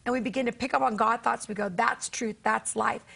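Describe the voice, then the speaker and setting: High, gravelly-voiced woman preacher. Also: steady tone, a little fast, a bit bright. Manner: earnest storytelling, acting out dialogue. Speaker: guest author and preacher. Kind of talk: faith talk show conversation.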